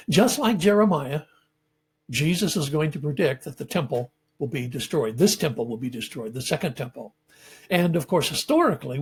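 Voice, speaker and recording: A man giving a measured, explanatory lecture on scripture as a Bible teacher, pausing often with ums and uhs. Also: on the high side, breathy edge.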